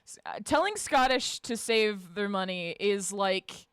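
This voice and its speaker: Animated, swearing woman streamer. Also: mid-range voice, a little slow, clean tone, dry recording, studio quality. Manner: animated, swears freely, laughs often, shouts greetings to chat. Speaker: livestreamer reading and answering chat. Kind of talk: casual livestream chat.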